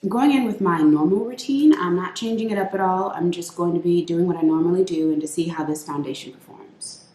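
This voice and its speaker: A woman's voice: on the low side, brisk, dark tone, echoey room. A woman beauty vlogger chatting playfully through a makeup routine, calling her viewers sis. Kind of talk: casual makeup tutorial chat.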